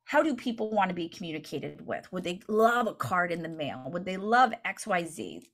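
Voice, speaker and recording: Her voice mid-range, this woman runs a coaching session for real estate agents. She's energetic and talkative, frequently tossing in "right?" to check that people are with her.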